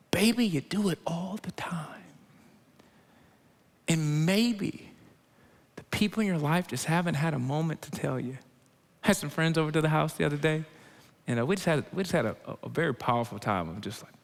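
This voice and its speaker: A man preaching a sermon, animated, swinging between loud emphatic lines and quiet low asides. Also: creaky. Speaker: pastor. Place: large church auditorium. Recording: long hall reverb.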